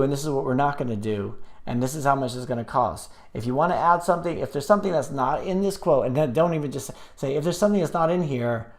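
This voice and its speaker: A man hosting a live stream, chatting casually and reading viewer comments aloud, rambling with many fillers and restarts. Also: mid-range voice.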